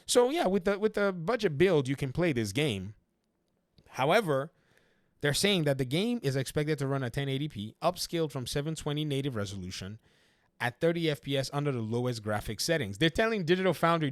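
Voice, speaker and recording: A man's voice: a little high, expressive, a little fast, dry recording, clean studio sound. A man giving casual, chatty commentary on video games, often laughing and talking straight to his viewers. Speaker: YouTube gaming commentator.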